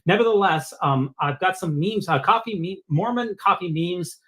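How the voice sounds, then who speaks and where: A man's voice: sits high, normal speed, sharp tone. A man hosting a casual call-in chat over a video call, reading out memes with playful emphasis. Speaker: host.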